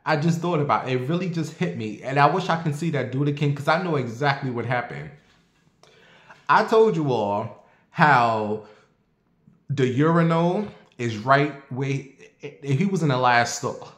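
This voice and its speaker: A man telling a story in a casual monologue to his viewers, animated and profane, addressing them directly. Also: mid-range voice, normal speed, roomy sound.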